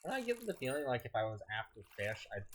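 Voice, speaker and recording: A man's voice: mid-range voice, very animated, fast talker, a bit bright, slight background noise. Tired man rambling over a game. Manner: rambling, stumbles and restarts. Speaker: streamer. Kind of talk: casual gameplay commentary.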